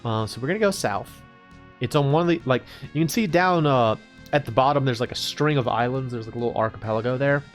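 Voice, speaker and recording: A man's voice: medium pitch, fast. A man hosting a let's play, rambling casually and playfully through gameplay commentary. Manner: playful, laughs often, rambling. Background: faint game music.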